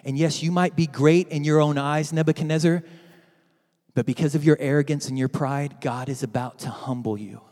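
A man's voice: on the high side, fairly even intonation, normal speed, a little mellow, in a large hall, pitched below the performer's own voice, natural voice. A man preaching, voicing a stern, solemn voice from heaven that pronounces judgment.

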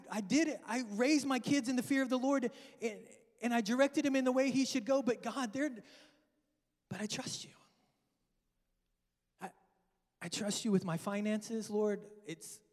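A male pastor preaching an emotional sermon, pleading and swinging between loud cries and hushed whispers. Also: high voice. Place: large church hall. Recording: long church-hall reverb with faint music. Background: soft worship music.

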